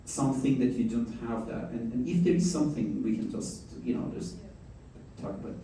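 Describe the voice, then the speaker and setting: A man's voice: medium pitch, fairly quick, dark tone, slight background noise. A man hosting a fireside chat, joking and chatty, often restarting his sentences. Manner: chatty, jokes, many restarts. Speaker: host. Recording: echoey hall, mic at a distance.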